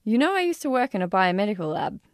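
A man's voice: high-pitched, fast, no echo, clean studio sound. A woman voicing a charming, easygoing young American man with a faint southern twang. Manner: casual, relaxed.

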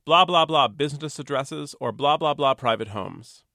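Male reader voicing an overeager middle-aged postman, emphatic to near shouting, dry close sound. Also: a little high, normal speed, gravelly, dry recording, pitched above the performer's own voice.

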